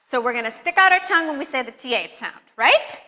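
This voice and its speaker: A woman's voice: sits high, animated, fast talker, sharp tone, in a large hall. A woman teaching pronunciation in an upbeat, encouraging way, demonstrating each step. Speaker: accent teacher. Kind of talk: pronunciation lesson.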